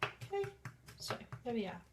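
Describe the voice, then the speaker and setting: A woman's voice: normal speed, heavy background noise. A woman vlogging a casual cooking demonstration in a home kitchen, rambling and self-deprecating with many fillers and restarts, sniffing as onions make her eyes water.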